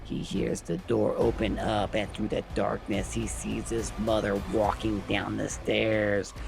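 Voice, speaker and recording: A man's voice: on the low side, unhurried, gravelly, over music. A man retelling a film's plot scene by scene in plain recap narration.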